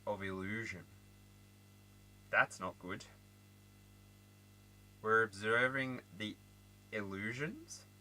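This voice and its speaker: An Australian man hosting a casual tarot reading, chatty and playful, with frequent laughter. His pitch swings widely, and his tone is very bright and forward. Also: low-quality recording. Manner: animated, laughs often, chatty asides. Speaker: tarot reader.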